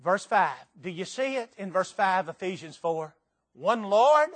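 An older man preaching a sermon to a church audience, swinging between soft and loud with strong emphasis. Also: lively intonation, moderate pace. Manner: emphatic, dramatic swings in pitch and volume. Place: church meeting before a live audience.

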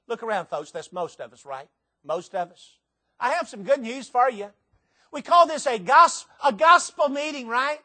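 An older man preaching a sermon to a church audience, swinging between soft and loud with strong emphasis. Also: expressive, normal speed. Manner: emphatic, dramatic swings in pitch and volume. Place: church meeting before a live audience.

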